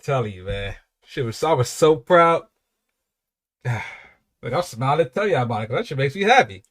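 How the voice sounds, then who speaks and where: A man hosting a casual reaction video, talking in an animated, profane way and laughing often. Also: medium pitch, moderate pace, pauses often. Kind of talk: casual reaction commentary and storytelling.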